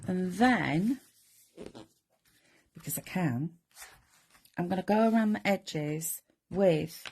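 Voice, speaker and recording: Her voice sits on the low side, darkish in tone with vocal fry, and there's a little hiss or hum in the audio. This middle-aged craft demonstrator talks viewers through a papercraft project step by step, chatting casually throughout the live demonstration.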